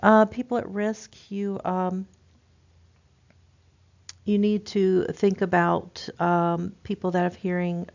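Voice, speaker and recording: A woman teaching a nursing class in a relaxed, informal way, with lots of ums and restarts. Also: medium pitch, slow, gravelly, long pauses. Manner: informal, many fillers and restarts. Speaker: nursing instructor. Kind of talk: recorded lecture. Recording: dull lo-fi lecture recording.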